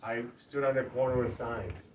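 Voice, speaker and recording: A man, a political candidate, giving a campaign stump speech to a small crowd, swinging from loud rallying to hushed, earnest talk. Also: mid-range voice, fairly even intonation, normal speed, slight background noise. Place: party office meeting room. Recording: distant lo-fi room recording, faint ambience.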